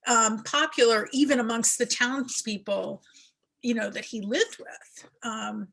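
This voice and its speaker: A woman interviewer works through her questions hesitantly, pausing on fillers. Her voice is raspy and gravelly, slightly high, and she speaks slowly. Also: steady tone, a bit bright.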